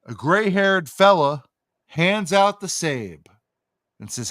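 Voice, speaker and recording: A man's voice: on the high side, very animated, unhurried, fairly bright tone, no room sound, studio quality. A man co-hosting a casual podcast, telling a profane, ranting story. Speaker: podcast co-host.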